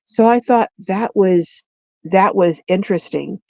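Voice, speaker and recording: A woman's voice: mid-range voice, vocal fry, a little mellow, dry recording, lo-fi sound. An older woman hosting a casual livestream, rambling and chatty as she reads out viewer comments, recorded on a phone. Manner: rambling, chatty, frequent restarts and slow drawn-out words. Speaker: livestream host.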